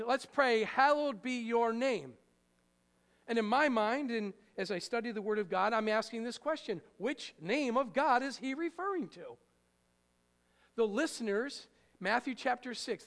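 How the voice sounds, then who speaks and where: A man preaching a sermon in a conversational way, joking with the congregation and hitting words with sudden loud emphasis. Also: very high-pitched. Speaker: pastor. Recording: long hall reverb.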